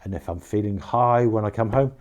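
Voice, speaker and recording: An older man chatting in a relaxed, self-mocking way as he talks through his daily home exercise routine. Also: on the low side, a little fast, dull audio. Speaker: home video diarist. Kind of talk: casual home video talk.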